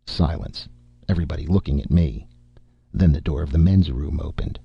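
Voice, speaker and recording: Man, story reading, brooding, husky, dry close sound. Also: very deep voice, normal speed, no echo. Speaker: narrator. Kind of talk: first-person story reading. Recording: muffled lo-fi recording.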